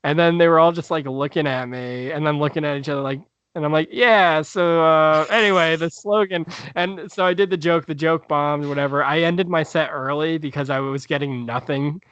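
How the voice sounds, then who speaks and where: A man's voice: on the high side, steady tone, a little fast, a bit bright, clean tone, no echo, highs cut off. A male stand-up comedian telling a story in a casual podcast chat, rambling with many fillers and restarts.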